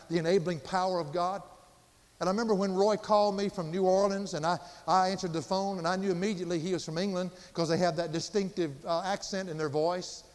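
A man preaching a sermon, earnest, slowing down and building for emphasis. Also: high voice, a little mellow. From Southern United States. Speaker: pastor. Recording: reverberant church hall.

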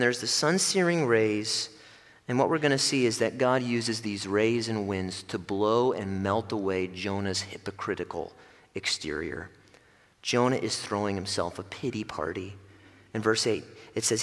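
A man preaching a sermon with passion, swinging from loud rising questions to hushed, low scripture reading. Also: a little slow, long reverb tail. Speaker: pastor.

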